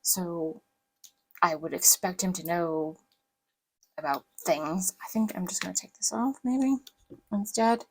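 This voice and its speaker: A woman from the Southern US with a faint trace of that accent chats as she decorates her planner. Her voice sits low with a gravelly edge. She rambles along casually, full of fillers. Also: measured pace, long pauses, a little mellow, a little hiss or hum, poor audio. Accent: light Southern US. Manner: rambling, chatty, lots of fillers. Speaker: planner vlogger.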